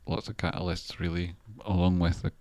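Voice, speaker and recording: A man's voice: low voice, flat delivery, a little fast, darkish tone, no echo. A man hosting a casual live stream, rambling and thinking aloud about stock charts, with the odd swear word. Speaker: trader and channel host.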